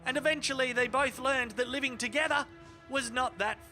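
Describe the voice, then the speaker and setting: A man's voice: very high-pitched, brisk, music in the background. A man doing sweary, sarcastic mock sports commentary over funny video clips as a host.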